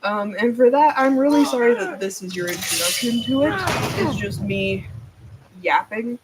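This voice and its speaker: A woman's voice: mid-range voice, expressive, moderate pace, very noisy. A woman gaming streamer giving casual, rambling, self-deprecating commentary into a desk microphone.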